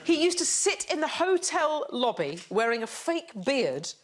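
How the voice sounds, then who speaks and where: A woman hosting a comedy quiz show, with a wry, teasing manner and quick asides. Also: high voice, big pitch swings. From England. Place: TV studio with audience. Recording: TV studio audience laughter, some noise.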